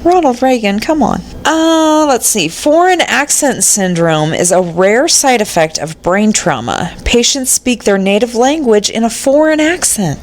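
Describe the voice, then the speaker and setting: A woman's voice: fairly high pitch, lively intonation, unhurried, few pauses. A woman co-hosting a podcast, reading out trivia facts in casual chat, giggly and often exclaiming. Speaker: podcast co-host.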